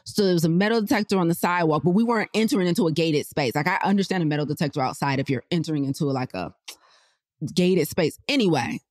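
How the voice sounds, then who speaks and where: A woman hosting a podcast, chatting casually about health and telling animated personal stories straight to her listeners. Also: lowish voice, fast, no room sound, studio quality. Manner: chatty, animated storyteller who laughs often; addresses listeners directly in slangy speech. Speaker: podcast host.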